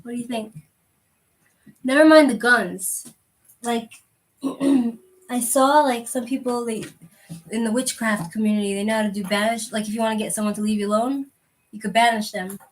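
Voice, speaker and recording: A woman hosting her own tarot channel, chatting casually and rambling, with lots of "like" and frequent throat clearing. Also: fairly high pitch, steady tone, moderate pace, long pauses. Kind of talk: casual livestream chat.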